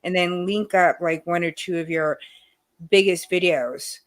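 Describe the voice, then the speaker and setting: A woman's voice: fairly low pitch, measured pace. A middle-aged woman from New York with a New York accent, hosting a casual chat over a video call and laughing often. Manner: chatty and animated, laughs often. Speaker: host.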